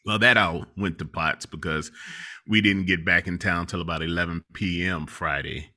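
Middle-aged guy with a low voice telling a travel story, laughs a lot, pretty bright sound. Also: moderate pace. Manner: animated, laughs often while telling a story. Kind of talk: casual storytelling chat.

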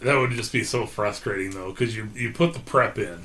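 A man hosting a podcast with his younger brother, reacting with quick, teasing interjections in casual chat. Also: lowish voice, pushed and bright. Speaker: podcast host, older brother. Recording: roomy echo, faint hiss.

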